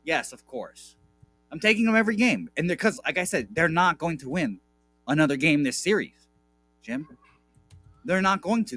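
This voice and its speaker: A man on a sports betting radio show, talking fast and heated, gloating, swearing and repeating himself. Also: fairly high pitch, animated, a bit bright.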